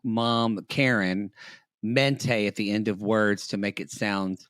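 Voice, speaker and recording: A man's voice: lowish voice, steady tone, fairly bright tone, clear, resonant tone, no room sound, studio quality. A man co-hosting a podcast, riffing wryly in casual chat about reality TV. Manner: wry, quick-witted riffing. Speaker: podcast co-host.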